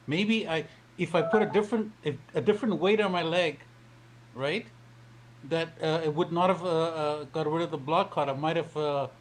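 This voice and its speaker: A man calling into an online discussion, joking in a deadpan way. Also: a little high, normal speed, a little hiss or hum. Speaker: caller joining a live stream. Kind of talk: casual chat.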